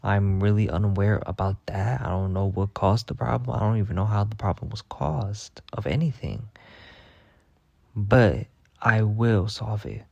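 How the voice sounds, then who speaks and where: A young man telling a rambling, profane story in a casual monologue, packed with filler words and deadpan bragging. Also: lowish voice, unhurried, gravelly, dry recording, dull audio. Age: young adult. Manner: rambling, heavy on "like" fillers and swearing. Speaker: vlogger.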